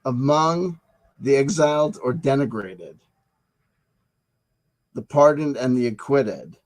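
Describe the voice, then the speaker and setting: A man's voice: medium pitch, slow pace. A man hosting his own channel, rambling through dates and history in a digressive, joking way and often repeating himself. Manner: digressive, jokey, talks back to himself; stumbles and repeats words. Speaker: channel host.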